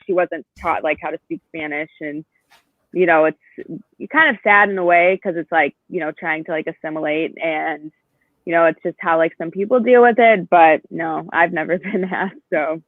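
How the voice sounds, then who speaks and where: A man's voice: a little high, steady tone, moderate pace, dry recording. A man guest on a podcast, chatty and laughing often, full of filler words, on a dull, dry recording. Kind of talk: casual discussion.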